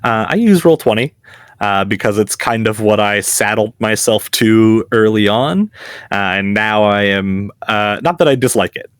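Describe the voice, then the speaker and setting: A man's voice: fairly low pitch, lively intonation, moderate pace, clear, resonant tone, no room sound, clean studio sound. A man and game master, chatting as a guest in an interview, easygoing and chuckling at himself. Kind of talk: casual interview.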